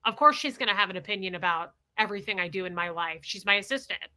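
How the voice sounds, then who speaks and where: A woman's voice: medium pitch, lively intonation, fast talker, pushed and bright. Woman mimicking a passive, defensive husband.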